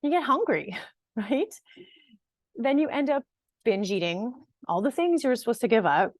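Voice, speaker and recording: A woman's voice: a little high, very animated, normal speed, no echo. A woman fitness and nutrition coach giving an online workshop talk to viewers. She speaks conversationally and encouragingly, laughing at times and often checking in with "right?" and "okay?". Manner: empathetic and encouraging, with occasional laughs.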